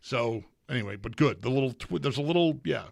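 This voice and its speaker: A man's voice: medium pitch, expressive, a little fast, vocal fry. A man co-hosting a sports radio show, chatting in the studio and stumbling over his words, repeating himself as he goes. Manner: stammering, repeats words when flustered. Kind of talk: casual sports talk.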